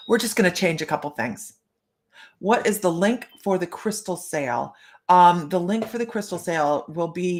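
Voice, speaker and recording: A woman hosting a psychic live stream, telling stories in a bubbly, rambling way and laughing often. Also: low-pitched. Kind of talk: casual live-stream chat.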